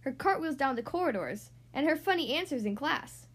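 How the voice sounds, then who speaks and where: Lively high-voiced woman reading a storybook. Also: moderate pace. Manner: animated, sing-song storytelling. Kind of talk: reading a children's storybook aloud.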